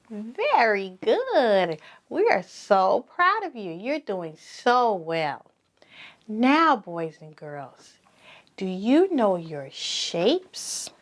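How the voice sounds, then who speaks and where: A woman teaching preschoolers, saying each word slowly and repeating it for the children to echo, with lots of praise. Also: medium pitch. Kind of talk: slow sing-song preschool lesson.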